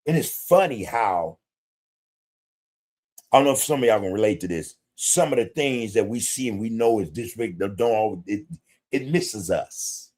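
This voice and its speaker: A man's voice: lowish voice, animated, moderate pace, darkish tone. A man hosting a podcast livestream, talking bluntly in street slang with plenty of profanity and greeting viewers in the chat. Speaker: podcast host. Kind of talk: casual livestream commentary.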